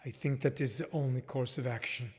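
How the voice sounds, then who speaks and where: An actor playing a solemn, formal male documentary filmmaker questioning a guest in a deliberate manner, recorded with long reverb. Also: mid-range voice, lightly acted. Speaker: interviewer.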